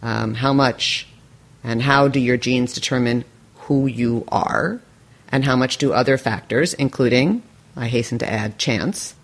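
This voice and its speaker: A woman's voice: extremely low pitch, a little slow. Enthusiastic, playful woman hosting a podcast. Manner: enthusiastic and playful, laughs often. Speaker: podcast host. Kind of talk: podcast interview.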